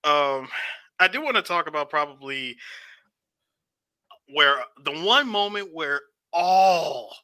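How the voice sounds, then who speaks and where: A man co-hosting a casual movie review podcast, animated, acting out scenes and laughing often. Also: fairly high pitch, slow pace, pauses often, dry recording. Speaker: podcast co-host.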